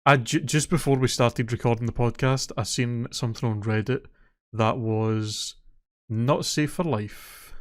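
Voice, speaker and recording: Speaking at a medium pitch with fairly even intonation and a measured pace, a podcast co-host retells a story in casual chat. He swears freely as he gets worked up.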